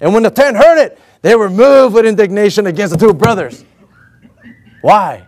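A male preacher with a fairly high voice delivers a sermon with energetic emphasis. He keeps throwing questions at the congregation and calls for their responses as he goes. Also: moderate pace. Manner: rhetorical questions and call-and-response.

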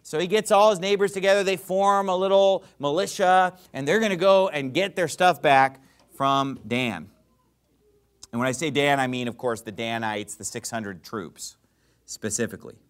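A man preaching a sermon who reads scripture and explains it in a casual, animated, sarcastic way. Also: on the high side, normal speed, clear, resonant tone.

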